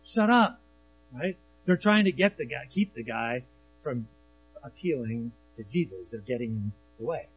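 A man's voice: medium pitch, animated, normal speed, lo-fi sound. A man preaching a sermon in a conversational way, often checking in with listeners and reading scripture aloud between his comments. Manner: conversational, often asks the audience "right?". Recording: faint mains hum.

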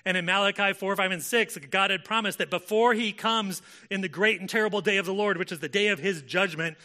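Bright-voiced man preaching a casual sermon. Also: high-pitched, a little fast. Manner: conversational, frequent "like" fillers, self-correcting. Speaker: pastor.

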